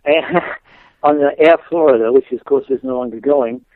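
A man's voice: medium pitch, moderate pace, dry recording. A man with an English accent, a guest minister telling his story in a chatty, laughing way full of fillers and restarts. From England. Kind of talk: radio interview storytelling. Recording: dry tinny phone line.

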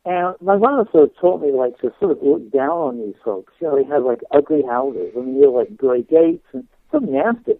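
A man's voice: medium pitch, very animated, a little fast, dry recording. A man with an English accent, a guest minister telling his story in a chatty, laughing way full of fillers and restarts. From England. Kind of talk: radio interview storytelling. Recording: dry tinny phone line.

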